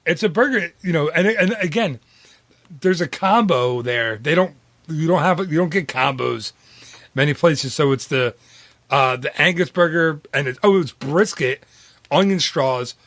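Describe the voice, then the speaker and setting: A man in his late thirties or forties co-hosts a casual podcast chat, rambling and chatty, saying "dude" a lot and restarting often. His fairly high voice is a little slow, slightly bright and lively in intonation, and the recording is dry.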